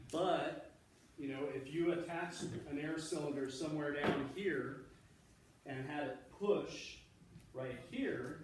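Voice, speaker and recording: A man's voice: a little high, a little hiss or hum. A male electrical engineer, a guest speaker, patiently explaining things to a class of children in an easygoing way, with many fillers and restarts. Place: school library. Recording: echoey room heard from a distance.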